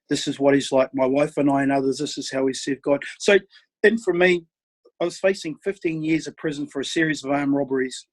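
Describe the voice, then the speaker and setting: A man's voice: fairly high pitch, low-quality recording. A middle-aged man, a podcast guest earnestly telling his life story and acting out past conversations. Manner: earnest storytelling with quoted dialogue, often dropping quiet.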